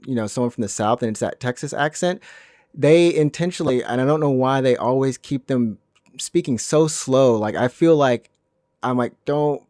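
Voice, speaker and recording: A man's voice: mid-range voice, fairly quick, a little mellow, no room sound, studio quality. A man from Alabama without a Southern accent, co-hosting a gaming podcast in casual, rambling chat with many restarts. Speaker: podcast co-host.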